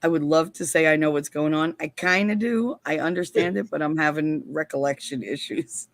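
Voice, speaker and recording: A woman with a tired, worn-out voice chatting casually as a guest, animated and swearing freely, laughing often. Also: sits low, normal speed. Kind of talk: casual chat.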